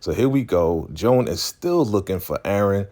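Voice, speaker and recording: A man's voice: on the low side, expressive, moderate pace, warm tone. A man chatting casually as he recaps a TV episode in a laid-back, slangy manner. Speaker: TV recap vlogger.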